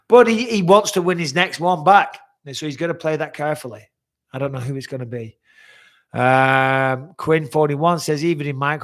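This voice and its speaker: A man in his forties hosting a casual live-stream Q&A, reading out viewer questions and answering them bluntly, chatty and quick to swear. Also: mid-range voice. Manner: blunt, chatty, swears freely, repeats himself.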